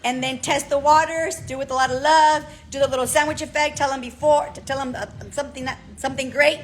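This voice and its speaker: A woman coach giving a direct, animated motivational talk, often checking in with "okay?". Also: high voice, fast talker, low-quality recording. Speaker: business coach.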